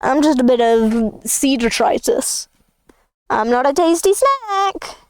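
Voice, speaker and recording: A woman's voice: high-pitched, animated, slow, clear, resonant tone, no room sound, studio quality. A woman voicing a sneaky little translucent shrimp creature that giggles and slyly pretends to be sea junk. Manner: giggly, sly.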